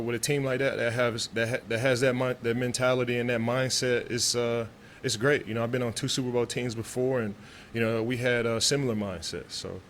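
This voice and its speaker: A man's voice: medium pitch, a bit bright, slight background noise. A man from Texas, a pro football player answering press questions in a loose, laid-back way with many restarts.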